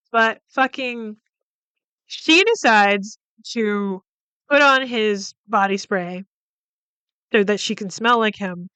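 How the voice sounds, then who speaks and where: A woman's voice: a little high, smooth, dry recording. A woman hosting a podcast, casually retelling a film's plot with lots of swearing, fillers and quoted lines. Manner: profane, animated retelling with many fillers. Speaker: podcast host. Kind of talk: casual film recap.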